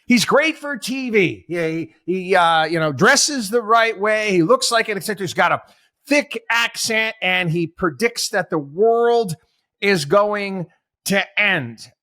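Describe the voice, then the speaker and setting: Here a male host's voice is high-pitched, animated and a little slow, pushed and bright, captured in the studio with no room sound. He's doing opinionated talk radio commentary, sarcastic and exasperated and full of rhetorical questions.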